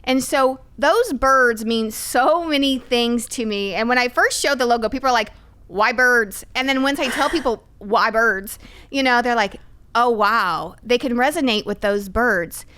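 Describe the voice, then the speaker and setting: A middle-aged woman speaks candidly on a podcast, animated and emphatic as she tells her stories. Her voice sits fairly high and comes across smooth and clear. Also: moderate pace, hardly any pauses. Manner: lively, animated, emphatic storytelling. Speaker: podcast guest. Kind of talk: candid conversational storytelling.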